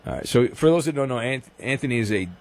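A man from Southern California hosting a call-in sports radio show, teasing callers with dry, quick comebacks. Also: medium pitch, animated, no room sound. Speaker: radio talk show host.

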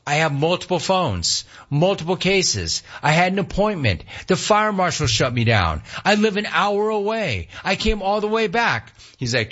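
A man tells a story in a casual way with a husky, slightly rough voice. His pitch swings a lot as he acts out what each person said. The sound is a little dull and lo-fi. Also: moderate pace, few pauses. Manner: animated, acts out the other voices with sharp pitch jumps.

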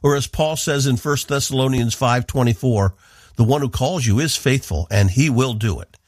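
A man's voice: mid-range voice, moderate pace, no echo. A man from the northeastern United States, a radio Bible teacher giving an earnest, emphatic devotional talk into a studio microphone.

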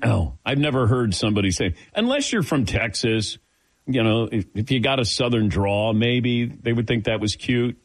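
Laid-back Midwestern radio host, lively pitch. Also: male voice, moderate pace, dry recording. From American Midwest. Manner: laid-back, chuckling, storytelling. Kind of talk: casual sports talk radio chat. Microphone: studio microphone.

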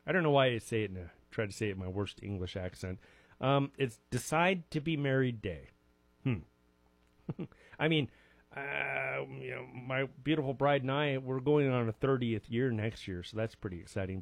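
A man's voice: mid-range voice, dry recording. A man in his forties hosting a live radio show, rambling casually through a list of daily observances with self-mocking jokes. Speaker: radio host. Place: radio studio.

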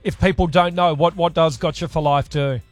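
High-voiced chirpy radio host. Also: male voice, fairly even intonation, no echo, faint music behind. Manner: chirpy, friendly, quick questions. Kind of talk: breakfast radio banter. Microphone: studio microphone.

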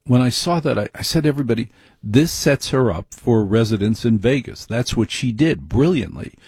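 Middle-aged man, husky voice, blunt and wry commentary, dry close mic. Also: mid-range voice, lively intonation, moderate pace, a little mellow, no echo. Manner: blunt, wry, rambling asides. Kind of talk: opinionated monologue.

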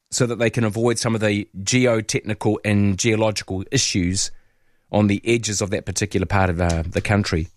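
A man's voice: mid-range voice, dry recording, studio quality. A man with a New Zealand accent hosting overnight talk radio, chatting in a rambling way and inviting listeners to call. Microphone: studio microphone.

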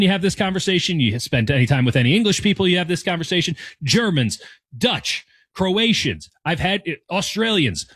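A man in his thirties with an American accent speaks in a somewhat high register, close and dry, with no room sound. His delivery is candid and wry, often self-deprecating, as he restarts his sentences while he thinks aloud. It sounds like a casual solo opinion segment. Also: a bit bright, breathy edge, no echo. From United States. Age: 30s. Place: home room decorated with soccer scarves and flags.

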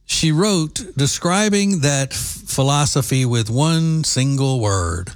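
A man's voice: medium pitch, expressive, slow. A man hosting an opinion commentary show, sarcastic and scornful in his asides. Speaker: political commentator.

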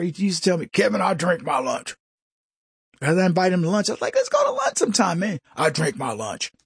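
A middle-aged man delivering a comedic political monologue, mocking and jokey, with quick asides and mimicked voices. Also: sits high, breathy edge, dry recording, clean studio sound. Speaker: commentary host.

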